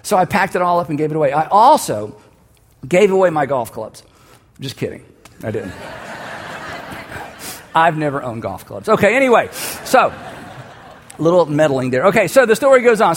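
A man's voice: a little high, sing-song, moderate pace, long pauses, big-room sound. A man preaching a sermon, telling a personal story and leading the listeners to repeat a line together. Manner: storytelling, building to emphatic calls for the audience to repeat. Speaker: pastor.

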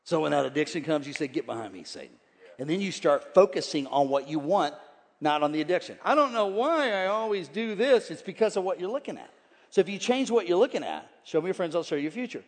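A man in his forties preaching a sermon as pastor, energetic and folksy, jumping from shouts to hushed, joking asides. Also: a little high, quick pace, long reverb tail. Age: 40s. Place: large church hall with congregation.

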